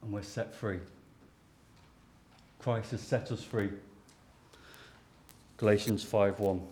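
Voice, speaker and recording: A man's voice: fairly low pitch, steady tone, slow pace, dark tone, slight background noise. A man with a Lancashire accent delivers a sermon. He speaks earnestly and plainly, as if chatting, and keeps turning questions back to the people listening. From Lancashire, England. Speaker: preacher.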